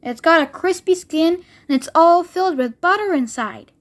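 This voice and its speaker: A woman's voice: extremely high pitch, animated, normal speed, voice pushed up. A woman reading a storybook aloud, voicing a spoiled, greedy girl who talks obstinately and gushes. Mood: greedy delight. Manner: obstinate, bossy, gushing.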